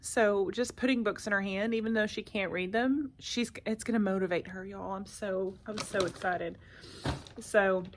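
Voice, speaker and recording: A woman talks into her phone in a classroom, a first grade teacher filming a casual vlog. Her pitch sits in the middle range, and she rambles with plenty of fillers and little asides. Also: fairly even intonation, normal speed, background noise. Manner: chatty, lots of fillers and asides. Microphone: phone camera.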